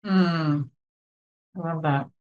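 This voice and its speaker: Low-voiced woman co-host in an echoey room. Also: steady tone, drawn-out words, darkish tone, dull audio. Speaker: podcast co-host. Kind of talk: casual podcast conversation. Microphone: video call.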